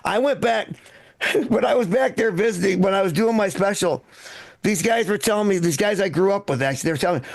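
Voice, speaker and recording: A man's voice: high-pitched, a little fast, gravelly. A man from Michigan hosting a live comedy show on a club stage, ranting in an exasperated, profane way between acts. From Michigan, USA. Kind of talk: live stand-up set.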